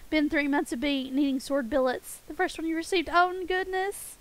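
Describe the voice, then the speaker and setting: A woman's voice: sits high, moderate pace, poor audio. A woman streaming a game and chatting playfully with her viewers, giggling often. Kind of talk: casual game stream chat with chat.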